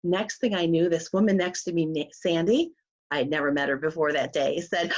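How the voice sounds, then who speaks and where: A woman life coach telling a personal story in an animated way, acting out the voices of others. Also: sits low, brisk. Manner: animated, acts out quoted voices. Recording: slightly muffled recording.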